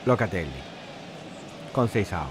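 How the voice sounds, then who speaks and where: A man hosting a live football watch-along, excitable and anxious, chanting repeated words and breaking into shouts. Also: low-pitched, moderate pace, a little hiss or hum. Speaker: football fan channel host.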